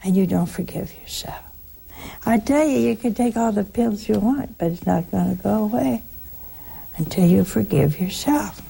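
A woman preaches to listeners at home in a gravelly voice that turns husky at the edges. She tells homely stories and keeps asking her audience rhetorical questions. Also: mid-range voice, animated, normal speed, mellow. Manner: folksy storytelling, rhetorical questions. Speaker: religious speaker. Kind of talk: spiritual talk to a broadcast audience.

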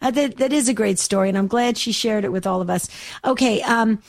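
A woman's voice: fairly high pitch, fairly quick, vocal fry. A woman hosting a call-in radio show, talking in an effusive, gushing way with many repeats.

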